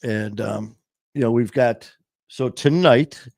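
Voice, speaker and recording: A man's voice: medium pitch, slow pace, gravelly, darkish tone, no echo. Rambling upbeat man hosting a podcast. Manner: rambling, self-interrupting, upbeat. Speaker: podcast host. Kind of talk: casual chat.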